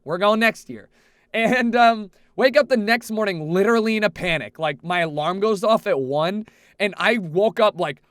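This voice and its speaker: A young man vlogging a rambling party story, animated, with frequent restarts and swearing. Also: on the high side, moderate pace, clear, resonant tone, no room sound, studio quality. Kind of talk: casual storytelling. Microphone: headset.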